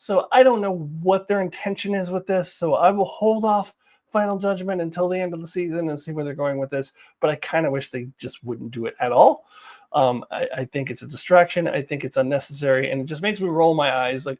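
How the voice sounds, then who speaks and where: A woman talks straight to the camera in a casual review. She is animated and exasperated, and her laughter keeps breaking through as she argues her points. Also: deep voice, moderate pace.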